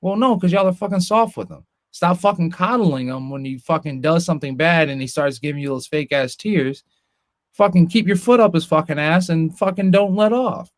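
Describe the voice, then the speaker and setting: A man co-hosting a casual podcast, swearing constantly and mimicking family members in high voices. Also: normal speed, no echo, studio quality. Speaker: podcast co-host.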